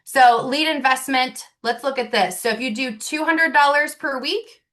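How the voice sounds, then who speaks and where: Bright, upbeat woman coaching a team. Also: high-pitched. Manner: upbeat, rapid rhetorical questions, often adds "right?" and "okay?". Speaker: sales trainer. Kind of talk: coaching on a team video call.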